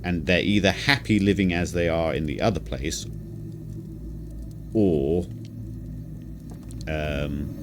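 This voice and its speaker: Thinking out loud as he plays, a man streams a game and rambles to his viewers, reading their chat messages aloud. His voice rumbles low at a measured pace with long pauses, and there is background noise.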